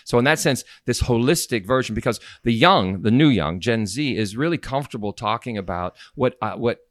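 Musing man with a lively, swooping voice. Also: mid-range voice, fairly quick, dry recording, clean studio sound. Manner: thoughtful, expansive, musing. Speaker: podcast co-host, generational expert. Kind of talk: casual advice chat.

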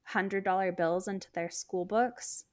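A woman's voice: medium pitch, steady tone, unhurried, darkish tone. A woman co-hosting a podcast in casual chat, talking in a chatty way with lots of "like" fillers. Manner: chatty, many "like" fillers, laughs while talking. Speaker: podcast co-host.

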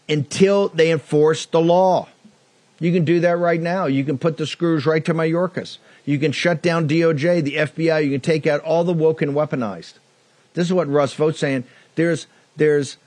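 A man's voice: on the high side, darkish tone, no room sound. A man hosting a political talk show, delivering a combative, mocking monologue with lots of repetition.

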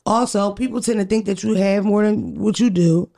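A woman talks animatedly in a casual podcast chat. Her voice has a gravelly fry running through it, and she swears freely as she tells her stories. Her pitch sits in the middle for a woman. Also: normal speed. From Philadelphia. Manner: animated, profane, storytelling with put-on voices. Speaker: podcast co-host.

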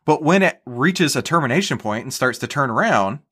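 A man's voice: medium pitch, expressive, a little fast, bright, forceful tone, slightly rough. A man with a mid-range voice talks through his method as a podcast guest. He explains things casually, stumbles over repeated words, and often tags on "right?". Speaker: guest, stock trader.

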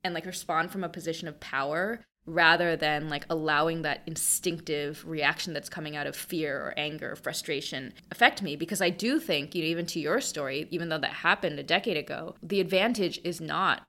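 A young woman with a low-pitched voice speaks as a podcast guest. She tells a personal story in a casual, animated way and acts out the quoted lines. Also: a little fast, hardly any pauses.

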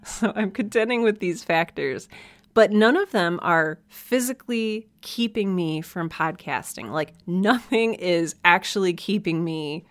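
A woman's voice: medium pitch, animated, a little slow, no room sound, soft background music. A woman with a Midwestern American accent hosting a casual solo podcast from her home office, chatty and self-deprecating, laughing often. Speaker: podcast host. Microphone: desk mic.

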